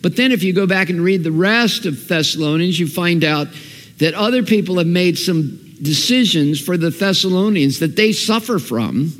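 A man preaching a sermon as pastor, lively and emphatic, repeating key phrases as he builds. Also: sits high, moderate pace. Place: church hall. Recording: long hall reverb.

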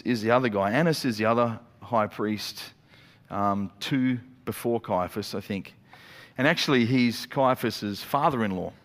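A man preaching a sermon as a pastor, telling the story in a lively way with quick acted-out asides. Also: lowish voice. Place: church auditorium. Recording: long reverb of a church hall.

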